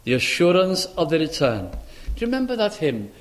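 Animated male preacher with lively pitch. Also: normal speed. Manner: expressive, acts out quoted voices with wide pitch swings. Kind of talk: sermon.

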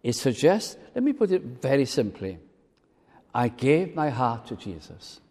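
Lively, emphatic male preacher in a reverberant hall. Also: medium pitch, unhurried. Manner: lively, emphatic preaching with sudden drops to quiet asides. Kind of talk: sermon. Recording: long reverb of a large hall.

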